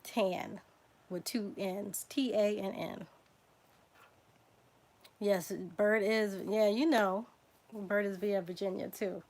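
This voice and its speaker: A woman's voice: medium pitch, fairly even intonation, slow pace, pauses often, a little mellow. A woman with a Southern US accent hosting a casual livestream, reading out name lists, spelling names letter by letter and chatting with viewers. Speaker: genealogy livestream host.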